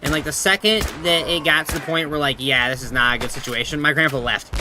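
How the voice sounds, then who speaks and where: A man's voice: a little high, fast talker, pushed and bright, a little hiss or hum. A man streaming a game, chatting casually, telling rambling stories full of swearing and reading his chat aloud.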